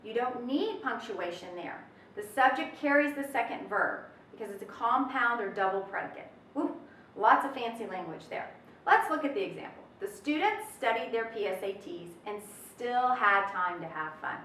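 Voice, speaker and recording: A chatty woman teaches a recorded test prep lesson, upbeat and full of folksy asides. Her voice is bright and on the high side. It carries a roomy echo from a mic set at a distance. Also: lively intonation, moderate pace, slight background noise.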